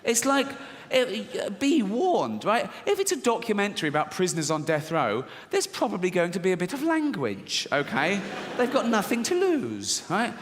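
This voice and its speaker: A man's voice: sits high, sing-song, normal speed, fairly bright tone, a little hiss or hum. Man, British accent, stand-up comedian, blunt, brash, short of breath, lingering hall reverb. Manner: blunt, brash, laughing at his own jokes. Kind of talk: stand-up routine. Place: large theatre stage. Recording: stage mic with hall reverb.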